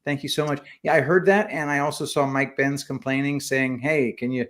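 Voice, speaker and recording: A man co-hosting a casual livestream, reading viewer messages aloud and adding quick remarks. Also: medium pitch, steady tone, fairly bright tone. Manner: reads super chats aloud with quick asides. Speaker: co-host reading donor messages.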